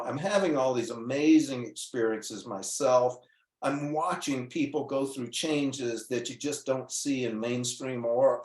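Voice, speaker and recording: Earnest man telling a story in an echoey room. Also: medium pitch. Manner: earnest, animated storyteller acting out dialogue. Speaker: guest doctor. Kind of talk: casual storytelling on a call-in show.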